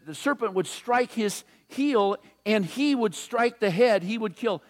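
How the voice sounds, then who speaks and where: High-voiced pastor preaching conversationally. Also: male voice. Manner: conversational, animated storytelling with playful asides. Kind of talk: sermon.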